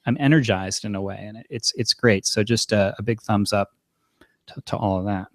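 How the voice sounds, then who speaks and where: A man on a podcast, chatting enthusiastically and teasing his co-host with quick quips. His voice sits a little low, and the recording is dry with no room sound. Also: a bit bright, no room sound. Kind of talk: casual chat.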